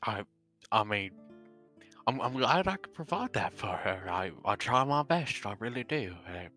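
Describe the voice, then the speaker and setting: A man's voice: fairly low pitch, big pitch swings, normal speed, bright, forceful tone, soft background music. A man chatting in character during a tabletop role-play, stammering now and then and calling others "mate".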